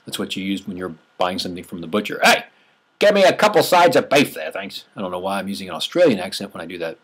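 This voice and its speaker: A man's voice: deep voice, husky. A man teaching a class in a conversational lecture, restarting phrases and stressing numbers.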